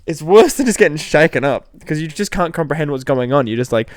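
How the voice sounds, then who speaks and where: A man's voice: expressive, quick pace, dry recording. Young aussie bloke yapping on a podcast, voice jumps way up when he quotes people, dry close mic. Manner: rambling storyteller who jumps pitch acting out quotes. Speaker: podcast co-host. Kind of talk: casual chat.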